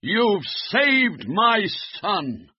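A man voicing an anxious father urgently rushing his sick son in a children's story. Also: on the high side, expressive, husky, dry recording, pitched above the performer's own voice, full character voice. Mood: grateful. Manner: urgent, raised. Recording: dull, muffled recording.

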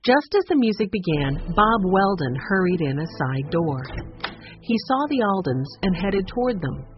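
A woman narrating a children's storybook in a steady storytelling manner. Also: lowish voice, moderate pace. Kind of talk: audiobook narration. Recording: muffled lo-fi audio.

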